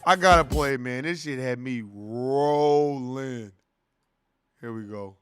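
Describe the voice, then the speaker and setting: A man hosting an online show, giving animated, profane commentary with a sing-song delivery. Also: mid-range voice, slow pace, clear, resonant tone, no echo, studio quality, faint music behind. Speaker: host. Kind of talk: profane commentary on video clips.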